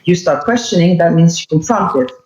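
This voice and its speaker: Woman guest, emphatic explainer; roomy, dull remote line with loud hiss behind her. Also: fairly low pitch, animated, fairly quick. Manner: emphatic, acts out quoted lines. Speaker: podcast guest. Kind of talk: explanatory casual talk. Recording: roomy muffled mic with loud background noise.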